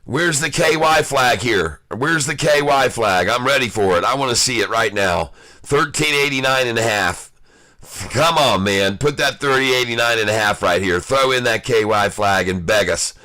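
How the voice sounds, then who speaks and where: A man giving live day-trading commentary, excitable and taunting, calling out prices and addressing viewers as folks. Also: mid-range voice, moderate pace, dry recording. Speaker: stock day-trader streaming live.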